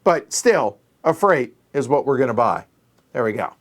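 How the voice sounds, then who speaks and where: A man's voice: mid-range voice, very animated, moderate pace. A man hosting a solo board game play-through, thinking aloud and muttering counts under his breath as he works out each move.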